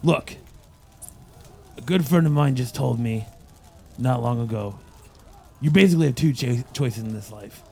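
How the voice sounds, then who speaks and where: A man's voice: medium pitch, measured pace, creaky, long pauses, dark tone, slightly rough. A man playing a blunt, hard-edged male fighter in a tabletop game, giving orders and threats. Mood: urging.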